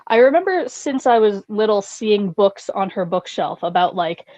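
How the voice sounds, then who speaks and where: A woman telling stories as a guest in a casual podcast chat, animated and full of "like". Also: medium pitch, normal speed, no echo.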